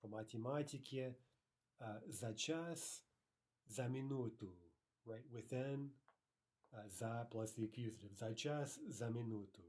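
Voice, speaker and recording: A man teaching a recorded language lesson, explaining grammar step by step, checking in with "right?" and repeating example phrases slowly and carefully. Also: mid-range voice, darkish tone. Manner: explanatory, frequent "right?" checks, slow careful Russian repetitions.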